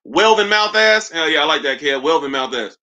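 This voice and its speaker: Man, high and bright, livestream host doing loose comedic roast commentary. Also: expressive, brisk. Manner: trash-talking, joking, loose and laughing.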